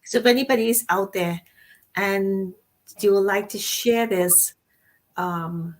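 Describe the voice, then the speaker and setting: A woman's voice: mid-range voice, measured pace. A woman co-hosting a casual talk show, speaking effusively and rambling, with frequent restarts and rephrasings. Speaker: co-host.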